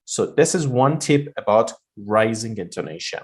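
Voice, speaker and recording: A man teaching pronunciation in a deliberate way, repeating phrases to show how the voice rises and falls. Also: fairly low pitch, animated. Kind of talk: slow spoken lesson.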